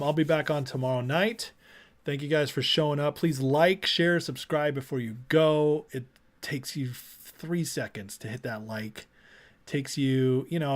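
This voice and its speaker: A man hosting a political livestream, chatting loosely with viewers, rambling and repeating himself, then closing with a spoken prayer. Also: medium pitch. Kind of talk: casual live-stream commentary and closing prayer.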